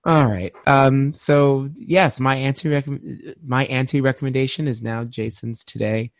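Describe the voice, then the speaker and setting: A young man chatting on a podcast with a dry, teasing, sarcastic edge. His voice sits at an ordinary male pitch. The sound is close and dead, with no room echo. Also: steady tone, unhurried. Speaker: podcast co-host. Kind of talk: casual chat.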